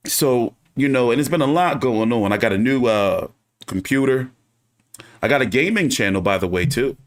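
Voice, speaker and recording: Hosting his own boxing channel, a man delivers casual livestream commentary, ranting with plenty of swearing. His mid-range voice is brisk, and his manner is profane and animated.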